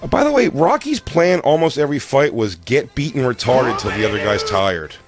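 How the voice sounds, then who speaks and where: A man's voice: mid-range voice, brisk. A man co-hosting a casual comedy podcast, joking and acting out lines from films. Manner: animated, joking, acts out quotes. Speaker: podcast co-host.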